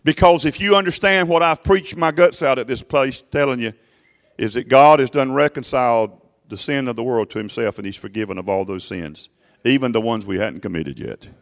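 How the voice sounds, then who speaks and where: A man's voice: medium pitch, normal speed, creaky. Emphatic male preacher. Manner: emphatic preaching, rising and dropping sharply in loudness; addresses congregation directly with repeated "listen". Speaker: pastor. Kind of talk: sermon.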